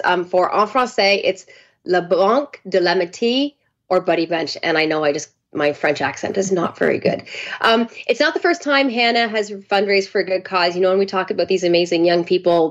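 An upbeat woman co-host tells a story in a chatty, enthusiastic way over a remote call. Her voice sits at an ordinary middle pitch. The line sounds a little muffled and lo-fi. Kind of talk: casual chat. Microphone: remote call over satellite internet.

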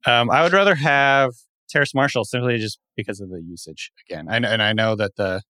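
A man with a lowish voice co-hosting a podcast, speaking steadily as he works through numbers. The sound is close and dry, with no room around it. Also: fairly quick, dry recording. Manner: steady, lays out stats at length. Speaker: podcast co-host. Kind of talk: casual sports podcast chat.

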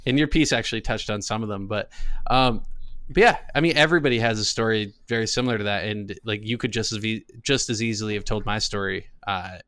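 A man with a fairly low, smooth and clear voice, recorded dry and close. He hosts a relaxed interview and leads into his questions with loose, rambling phrasing. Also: fast, dry recording. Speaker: podcast host. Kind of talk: casual interview chat.

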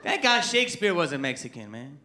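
A man performing a stand-up comedy set on stage, animated and putting on voices for his characters. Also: a little high, a little fast. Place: comedy club stage with audience. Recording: live stage mic with loud crowd noise.

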